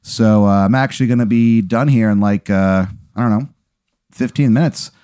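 A man's voice: fairly low pitch, warm tone, smooth, dry recording, studio quality, close to an everyday voice. Man doing a shy, stammering young waitress. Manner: halting, full of ums and likes.

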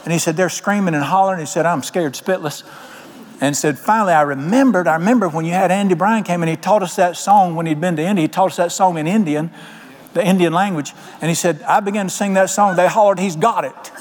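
A man with a high-pitched voice preaches quickly as a pastor, sharing homespun stories and putting questions to his congregation. His folksy storytelling includes quoting people in different voices. The recording carries a long hall reverb.

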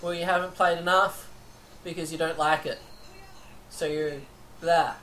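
Brash, teasing woman with a lowish voice. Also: flat delivery, a little slow, fairly bright tone, slight background noise. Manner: brash, swears a lot, teasing. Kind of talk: casual chat about video games.

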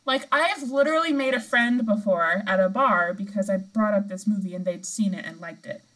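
A woman's voice: mid-range voice, fairly quick, a bit bright, poor audio. A young woman co-hosting a podcast, chatting casually and laughing often. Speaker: podcast co-host. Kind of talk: casual chat.

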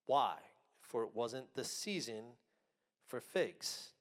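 A man preaching a sermon. He speaks emphatically, slows on key words, and swings between loud and soft. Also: medium pitch, expressive.

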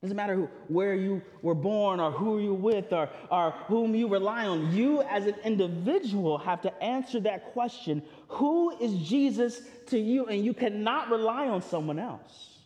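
A man's voice: high voice, animated, normal speed, hardly any pauses, a little mellow. A man preaching a sermon as pastor, talking in a loose, conversational way with restarts and asides. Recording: long hall reverb.

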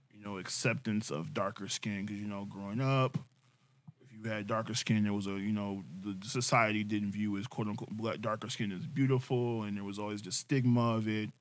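A man co-hosting a podcast, asking probing questions and joking in casual chat. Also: on the low side. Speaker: podcast co-host.

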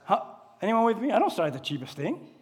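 A man preaching from the pulpit with a strikingly high voice that lingers in a long church reverb. He throws questions out to the congregation, moving between calm teaching and fervent, raised preaching. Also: fast, husky. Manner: asks the congregation call-and-response questions; swings between quiet teaching and loud impassioned preaching. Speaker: pastor. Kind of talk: sermon.

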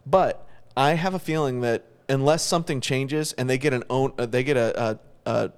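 A man's voice: mid-range voice, moderate pace, clear, resonant tone. A man co-hosting a podcast in casual chat, giving opinions and restarting words as he thinks. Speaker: podcast co-host.

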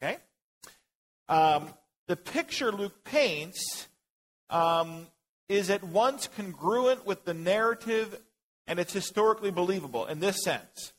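A man's voice: sits high, animated, unhurried, rough recording. A man teaching a Bible class in a casual way, joking, thinking aloud and calling on people in the group.

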